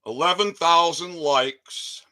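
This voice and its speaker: A man delivering an angry ranting monologue, swinging between shouting and low muttering, with heavy profanity. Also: slow pace. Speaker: channel host.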